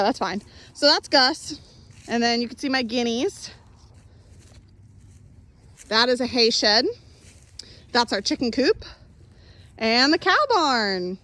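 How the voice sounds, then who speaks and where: Chatty young woman touring her farm. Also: fairly bright tone. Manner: chatty, upbeat, calls animals in a high voice. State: out of breath. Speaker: farm owner giving a tour. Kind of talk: casual walking tour vlog. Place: outdoors on a farm and in a barn. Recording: faint outdoor background noise.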